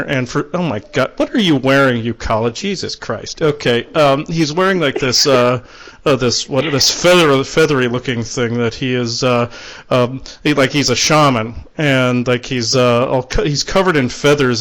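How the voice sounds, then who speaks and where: A man hosting a spiritual call-in show, relaying messages in a halting way with many restarts. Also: medium pitch, fairly bright tone. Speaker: call-in show host and channeler.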